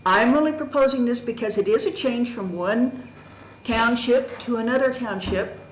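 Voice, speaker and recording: A woman's voice: a little high, moderate pace, reverberant, a little hiss or hum, poor audio. A woman giving formal public testimony at a county board meeting, presenting a challenge methodically and emphatically while reading from documents. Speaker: citizen presenting a candidacy challenge. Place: county government meeting room.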